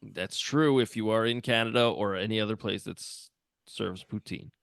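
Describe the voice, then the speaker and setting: Male podcast co-host, gravelly voice, dry close sound. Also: fairly low pitch, normal speed, a bit bright, no room sound. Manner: dry, plugging the show's music. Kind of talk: casual chat.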